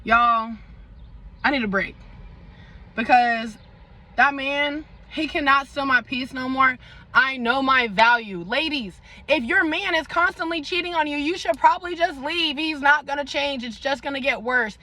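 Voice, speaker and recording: A young woman vlogger tells a dramatic storytime with lots of slang and side comments to her audience. Her voice sits high and sounds sharp and bright. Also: a little slow, poor audio. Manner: animated, dramatic storytelling with slang and asides to viewers. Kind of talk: storytime vlog.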